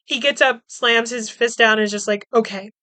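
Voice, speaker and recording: Woman, podcast host, casual movie recap, slightly high voice, crisp tone, chatty, swears, laughs. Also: brisk, bright, forceful tone, no room sound.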